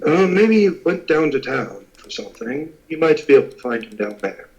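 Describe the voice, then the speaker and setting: A man's voice: a little high, sing-song, a little mellow, muffled recording. A man voicing a hesitant guild master. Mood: helpful. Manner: halting, full of uh pauses.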